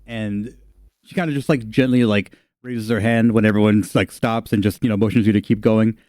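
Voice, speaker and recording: A man's voice: on the low side, fairly even intonation, brisk, warm tone, no room sound, clean studio sound. A man narrating a tabletop game as game master, in a casual style with many "kinda" and "like" fillers.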